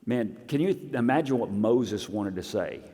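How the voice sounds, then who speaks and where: A man preaching a sermon as pastor, swinging between loud emphasis and quiet asides. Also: on the low side, animated, unhurried, in a large hall. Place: church sanctuary.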